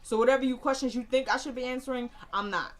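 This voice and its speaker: A woman giving a casual, animated recap of a TV episode, slangy and opinionated as she tells the story. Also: high voice, fast.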